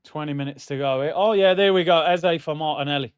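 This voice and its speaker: Male watchalong host, fired-up match banter, a bit high, slightly muffled dry mic. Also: fairly quick, clear, resonant tone, no room sound. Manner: excitable, banter-heavy, shouts at goals. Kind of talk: live match watchalong commentary.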